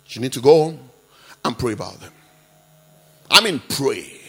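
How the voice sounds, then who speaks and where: A male pastor preaching an impassioned sermon, jumping between quiet asides and loud rebukes full of rhetorical questions. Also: medium pitch, lively intonation, measured pace, creaky, pauses often, husky.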